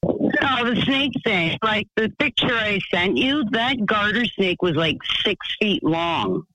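A man voicing a rambling, excitable woman calling in to a radio show. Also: sits high, takes it slowly, no echo, full character voice, poor audio. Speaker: caller.

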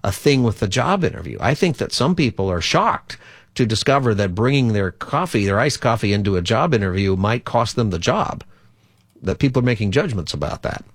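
A man hosts a call-in radio show as a pastor, chatting loosely with plenty of fillers. His voice sits on the low side and sounds close and dry in a studio. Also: expressive, brisk, husky, no room sound. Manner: chatty, conversational, rambling with fillers.

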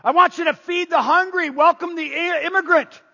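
A man voicing a furious male prophet who thunders rebukes at hypocrites, stretching his shouted words. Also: very high voice, steady tone, moderate pace, vocal fry, voice pushed up, heavily acted. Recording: muffled, long hall reverb.

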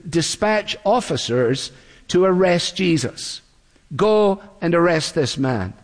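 A man preaching an earnest expository sermon. He slows down when he quotes scripture. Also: fairly high pitch, big-room sound.

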